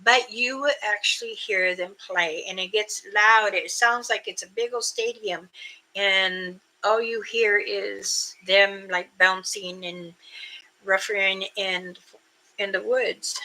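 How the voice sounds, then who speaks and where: An older woman hosting a casual live stream, chatting slowly with viewers and imitating creature calls. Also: medium pitch, steady tone, sharp tone, poor audio. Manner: slow, unhurried talk with frequent fillers. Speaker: livestream host.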